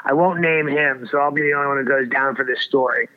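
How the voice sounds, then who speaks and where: A man's voice: mid-range voice, fairly even intonation, quick pace. A man telling a wild story in casual chat, rambling and swearing with lots of restarts. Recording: dull lo-fi audio.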